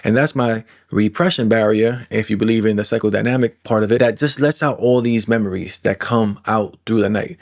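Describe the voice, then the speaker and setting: A man in his forties, a coach for trauma clients, talking casually to camera in a self-help monologue, animated, drawing out words for emphasis and acting out inner voices. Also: lowish voice. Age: 40s. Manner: animated, acts out inner voices and imagined replies, drawn-out emphasis.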